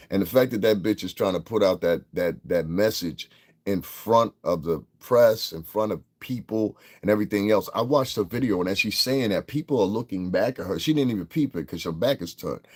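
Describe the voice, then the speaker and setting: Deep-voiced New man ranting. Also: expressive, fairly quick. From New York. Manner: profane, rambling, repeats himself. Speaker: podcast host. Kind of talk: casual livestream commentary.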